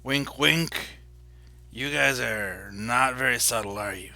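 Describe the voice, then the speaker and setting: A man's voice: medium pitch, takes it slowly, gravelly, bright, forceful tone, heavily acted. A man voicing an evasive, secretive male merchant whose voice keeps changing. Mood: conspiratorial. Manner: switches voices mid-conversation.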